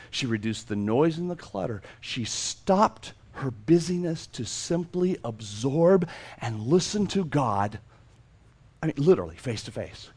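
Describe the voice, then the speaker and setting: A male pastor preaching a sermon, animated and playful, acting out the voices in a story and repeating words for emphasis. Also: fairly high pitch, breathy edge.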